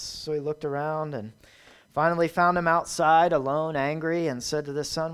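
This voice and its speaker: A man's voice: on the high side, little pitch movement, moderate pace, clean tone. A man preaching a sermon, retelling a parable with emphatic, repetitive phrasing.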